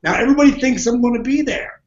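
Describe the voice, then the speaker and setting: Speaking fast in a very high-pitched voice, a man appears as a podcast guest and tells an energetic story, laughing a lot and acting out what people said. The recording is muffled and roomy, with slight background noise.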